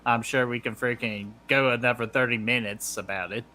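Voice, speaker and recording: A man's voice: mid-range voice, steady tone, a little fast, pushed and bright. A man hosting a casual live-stream movie chat, crude and jokey, reading out viewer questions. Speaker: podcast host.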